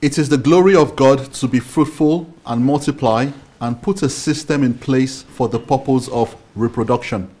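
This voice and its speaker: A man in a measured teaching talk, spelling out an acronym letter by letter. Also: mid-range voice, darkish tone.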